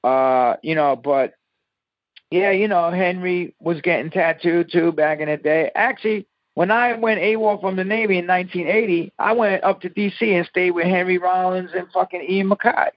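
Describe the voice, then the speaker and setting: A man's voice: high-pitched, moderate pace, no room sound. A man in his fifties, a musician interviewed over the phone, telling stories in a profane, emphatic way. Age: 50s. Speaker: musician guest. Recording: dull lo-fi phone line.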